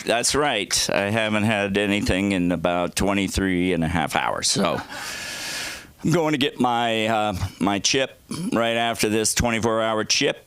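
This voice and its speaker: A man's voice: lowish voice, a bit bright, slight background noise. A man performing open-mic stand-up on a comedy club stage, telling rambling, self-deprecating and crude stories.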